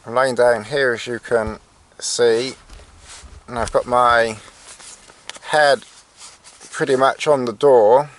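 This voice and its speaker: Slow, hesitant man in a tent. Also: mid-range voice, fairly even intonation. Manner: dry sarcastic asides, hesitant with many fillers. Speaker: outdoor gear reviewer. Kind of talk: casual tent walkthrough. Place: inside a tent in the rain. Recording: faint rain noise on tent.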